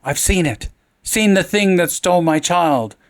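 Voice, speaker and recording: A man's voice: high voice, lively intonation, a little slow, voice pushed up. A man doing a shrieking, crazed mother. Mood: desperate pleading. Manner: shrieking, wild, breathless raving. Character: frantic grief-crazed mother, middle-aged woman.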